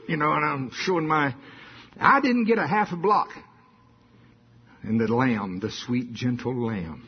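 Folksy older man preaching, husky voice. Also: a little high. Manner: folksy storytelling, rising to emphatic bursts. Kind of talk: sermon. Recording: dull lo-fi sound.

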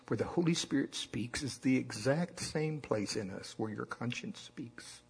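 A man's voice: mid-range voice, unhurried, gravelly, hardly any pauses, breathy edge. A man preaching a sermon in a folksy storytelling way, having the congregation repeat lines after him. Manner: folksy storytelling with call-and-response.

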